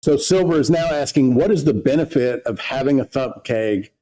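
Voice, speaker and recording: A man's voice: medium pitch, moderate pace, dark tone, low-quality recording. A man co-hosting a casual livestream, reading viewer questions aloud and explaining distilling in plain terms. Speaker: livestream co-host.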